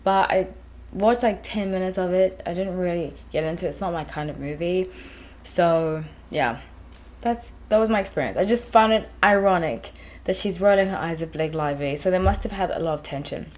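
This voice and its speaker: A woman in her thirties from England and South Africa hosts her channel and spins a long, wandering story in casual chat, packed with fillers. Her fairly low, slightly mellow voice moves at a brisk clip. She's a tarot reader as well as the channel's host.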